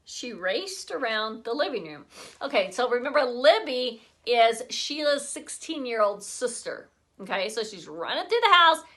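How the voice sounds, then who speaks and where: Lively, bright-voiced woman teacher reading aloud. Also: a little high. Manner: expressive, with chatty asides. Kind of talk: reading a children's book aloud.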